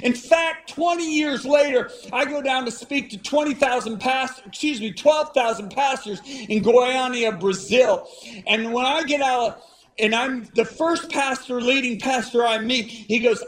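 High-pitched preacher man telling a story. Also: unhurried. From Italian-American. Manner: dramatic, acts out quoted voices; shifts between hushed and shouted. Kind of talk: sermon storytelling.

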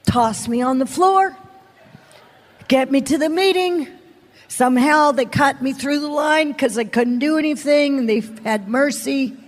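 A woman preaching a sermon as a personal testimony, telling her story dramatically and acting out the people she quotes. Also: high-pitched. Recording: long hall reverb.

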